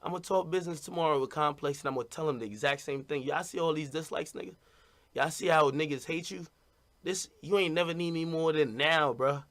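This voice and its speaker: A man's voice: a little high, fairly quick, a bit bright. Blunt rambling man streaming to fans. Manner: blunt, rambling, repeats "you know what I mean". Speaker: streamer talking to his audience. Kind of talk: casual stream monologue.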